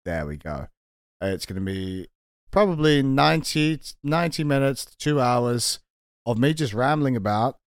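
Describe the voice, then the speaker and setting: A man's voice: medium pitch, expressive, moderate pace, smooth, no echo, clean studio sound. A man hosting a casual podcast chat, joking with guests and plugging the show. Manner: laid-back, joking, plugs the show. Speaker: podcast host.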